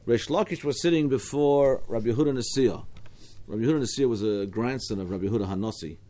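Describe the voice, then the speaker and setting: A man's voice: medium pitch, fast talker, warm tone. A man with an Australian accent teaching a Talmud study class, explaining step by step with frequent restarts and asides.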